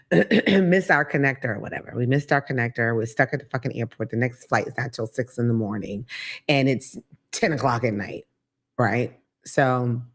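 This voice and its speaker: A woman hosting her own talk show, riffing in a blunt, profane, animated monologue. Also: rumbling low. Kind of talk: casual comedic monologue.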